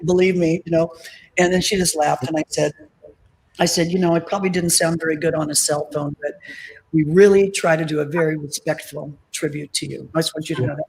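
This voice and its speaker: A woman's voice: fairly low pitch, a little fast, low-quality recording. Chatty woman telling backstage stories. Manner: chatty, animated anecdotes full of acted-out quotes. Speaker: tribute band singer, interview guest. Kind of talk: casual interview storytelling.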